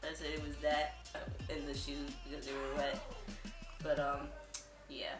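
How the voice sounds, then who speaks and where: A teenage girl on a vlog, bossy and quick, laughing as she tells a story. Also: deep voice, monotone. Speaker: vlogger. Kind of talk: casual chat. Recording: roomy sound from a distance with faint music.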